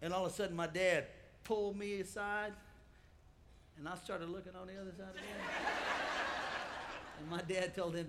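A man preaching a comic storytelling sermon, animated and calling out to his congregation. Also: high voice, moderate pace, pauses often, background noise. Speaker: pastor.

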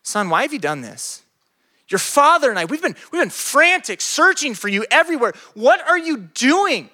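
A man's voice: a little high, wildly swooping pitch, normal speed, sharp tone, full character voice. A man voicing a frantic mother scolding her twelve-year-old son, exasperated and pleading.

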